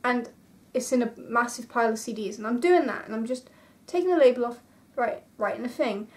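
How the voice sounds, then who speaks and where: A young woman vlogger telling a story in a casual, animated way, full of dramatic asides and exclamations. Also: on the high side, fairly quick.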